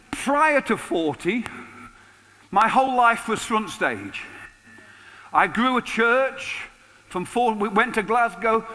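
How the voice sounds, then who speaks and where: Bright-voiced man in his sixties preaching. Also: high-pitched. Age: 60s. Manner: lively, conversational preaching with humor. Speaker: pastor. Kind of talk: sermon. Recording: long hall reverb.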